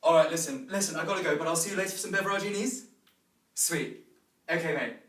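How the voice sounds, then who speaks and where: A man's voice: fairly high pitch, fast, fairly bright tone, natural voice. A man playing a posh young man who chats chummily on his phone, in a stage comedy. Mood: chatty. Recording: roomy sound from a distant mic.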